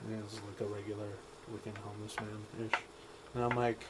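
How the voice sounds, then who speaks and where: A man's voice: fairly low pitch, level tone, fairly quick, very noisy. A young man, co-hosting a casual podcast chat and telling stories with lots of swearing. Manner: swearing, storytelling with quoted exchanges. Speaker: podcast co-host. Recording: music playing behind. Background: music.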